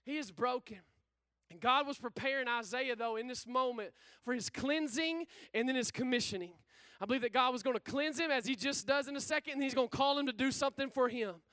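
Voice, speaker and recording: A man with a very high, bright, forceful voice preaches a lively sermon. He talks in casual slang and keeps calling out questions for the room to answer back. The sound is close and dry. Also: brisk, smooth, dry recording. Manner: energetic, call-and-response with the congregation.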